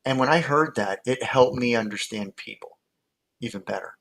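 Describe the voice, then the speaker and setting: A man's voice: mid-range voice, moderate pace, gravelly, fairly bright tone, poor audio. A man with an ordinary mid-range voice speaks as a hypnotist guest over a video call. He rambles through his points and tells stories, stopping and restarting sentences as he goes. A faint hiss of noise sits under his voice. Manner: rambling, storytelling with many fillers and restarts. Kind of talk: casual conversational explanation.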